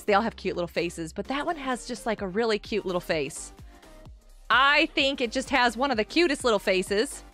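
A woman's voice: on the high side, expressive, normal speed, sharp tone, faint music behind. A woman hosting a live game stream, bubbly and gushing as she greets viewers in chat by name.

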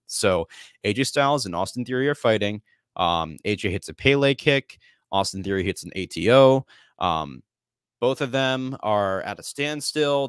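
A man's voice: fairly low pitch, fairly bright tone, no room sound, studio quality. A young man hosting a casual sports prediction podcast, telling it like a story. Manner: storytelling, conversational with fillers. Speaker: podcast host.

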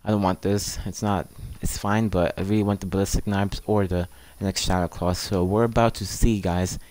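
A man's voice: low-pitched, fairly even intonation, normal speed, a little mellow. A man hosting his gaming channel. He chats casually, keeps calling viewers "guys", and pleads eagerly for the items he wants. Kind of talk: casual game commentary.

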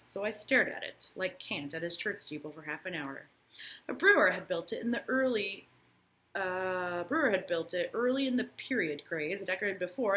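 A woman teacher with a mid-range, pushed, bright voice reads a novel aloud to her class. She breaks off for casual asides and often checks in with "right?".

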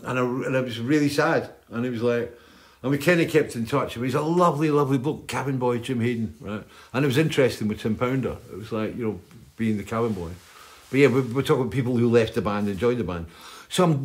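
An older man, hosting and telling stories in a rambling, chatty way, often tagging on "right?". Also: medium pitch. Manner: chatty, keeps adding "right?". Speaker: host. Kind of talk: rambling storytelling chat.

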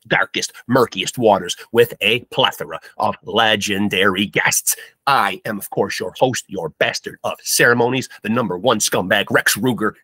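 A man's voice: lowish voice, pushed and bright, slightly rough, no room sound. A man hosting a comedic podcast with hammy, bombastic showman patter. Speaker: podcast host.

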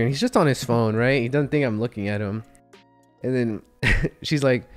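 A man's voice: mid-range voice, normal speed, faint music behind. A young man from Texas, a podcast co-host telling a story in casual chat, acting out what people said and laughing often. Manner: animated storyteller, acts out quotes, laughs often.

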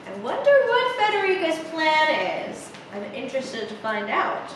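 A young woman reading a picture book aloud to children, animated and chatty with many asides, in an echoey room heard from a distance. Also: sits high, normal speed, slight background noise. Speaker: theatre coach reading to children.

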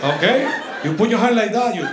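A man voicing a pushy, excitable male fitness trainer who speaks in broken English. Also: sits high, fairly quick, very noisy. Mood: bossy. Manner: broken English, coaxing and insistent. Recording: echoey comedy club with crowd laughter.

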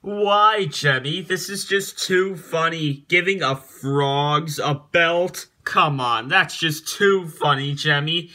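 In a slow, sharp-toned voice pitched on the high side, a man riffs on pictures with almost no pauses. He keeps giggling, repeats goofy singsong chants as he laughs at every one, and pretends to scold the person who made them.

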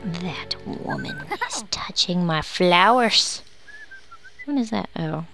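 A woman's voice: fairly low pitch, sing-song, slow pace, pushed and bright. A woman giving casual, sarcastic commentary while playing a life-simulation game, grumbling at her characters. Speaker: let's play host. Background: background music.

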